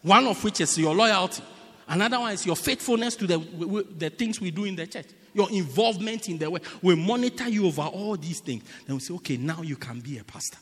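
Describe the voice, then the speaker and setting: A man preaching a sermon as pastor, emphatic and repetitive, swinging between loud cries and low murmurs. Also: animated, fairly quick, slightly rough, big-room sound.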